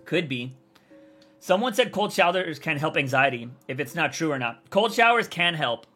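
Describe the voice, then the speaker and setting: A young man streaming live and chatting with viewers, rambling and swearing freely, his voice a bit raspy. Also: on the high side, animated, normal speed, pushed and bright, soft background music. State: voice feels raspy. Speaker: content creator streamer. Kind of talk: casual livestream chat answering viewers.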